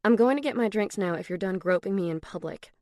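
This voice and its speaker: A woman's voice: fairly low pitch, fairly quick, no echo, studio quality, natural voice. A woman reading an audiobook, voicing a guarded young woman who talks in a cool, matter-of-fact way. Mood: irritated.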